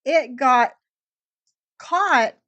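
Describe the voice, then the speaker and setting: A woman with a high voice chats casually, speaking slowly and drawing out her words. The sound is dry and close, with no room echo. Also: expressive, fairly bright tone. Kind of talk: casual chat.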